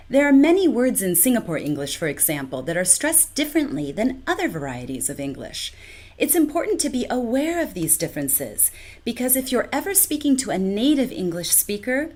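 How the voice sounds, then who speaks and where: A woman presents an online pronunciation lesson in a scripted, instructive tone. Her pitch rises and falls in a lively way as she stretches syllables slowly to show stress. She speaks clearly into a close microphone. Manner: clear, deliberate teaching delivery with exaggerated syllable stress. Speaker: communication trainer.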